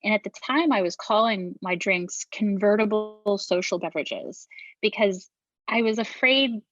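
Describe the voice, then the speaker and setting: A middle-aged woman, a beverage founder appearing as a podcast guest, tells her story frankly, swearing casually and often restarting sentences. Her mid-range voice is unhurried, on lo-fi audio with background music.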